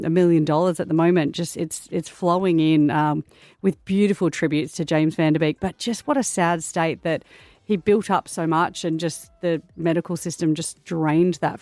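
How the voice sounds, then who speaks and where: A woman with an Australian accent, a radio producer presenting news in a conversational, sympathetic way with ums and pauses. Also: low voice, a little mellow, no echo. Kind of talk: radio show chat. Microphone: studio microphone.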